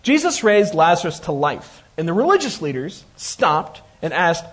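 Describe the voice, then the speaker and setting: Husky-voiced man preaching a sermon. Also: a little high, very animated, normal speed, few pauses, a bit bright. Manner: conversational, joking asides.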